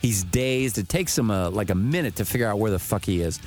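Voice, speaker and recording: A man's voice: fairly low pitch, fairly quick, faint music behind. A man telling a story in casual chat, swearing freely and acting out what people said. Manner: profane, animated, acts out quotes.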